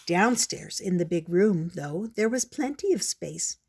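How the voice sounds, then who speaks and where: An older woman reading a children's picture book aloud in a gentle, measured storybook manner. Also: on the low side, animated, husky.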